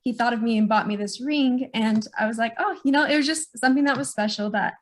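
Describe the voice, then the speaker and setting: A young woman with a slightly high voice recalls a personal memory. She speaks reflectively and unhurriedly, with frequent "um"s and "like"s. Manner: reflective, unhurried, many fillers. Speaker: niece sharing a memory. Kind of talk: casual storytelling.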